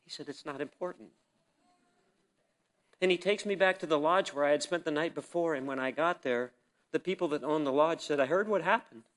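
A man preaching to a congregation at a church service, telling his story by acting out the dialogue. His voice sits a little high and sounds bright and forceful. He drops into quiet reflection, then breaks into loud, emphatic bursts. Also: a little fast. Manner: storytelling that acts out quoted dialogue. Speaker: church speaker sharing a testimony. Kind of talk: sermon testimony to a congregation.

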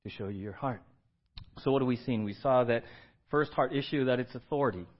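A man's voice: medium pitch, a little fast, dull audio. A male pastor preaching a conversational sermon, often checking in with the congregation.

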